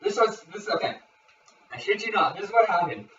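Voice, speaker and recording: A man's voice: high-pitched, very animated, a little fast, fairly bright tone. A young man co-hosting a casual podcast, telling a story animatedly with swearing and acted-out quotes. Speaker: podcast co-host. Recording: roomy, distant, dull lo-fi mic.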